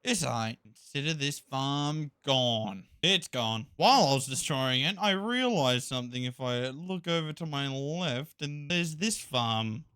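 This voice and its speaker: A man giving casual, jokey commentary while playing a video game, thinking aloud and getting excited. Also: medium pitch, measured pace, hardly any pauses, clear, resonant tone. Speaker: Minecraft YouTuber.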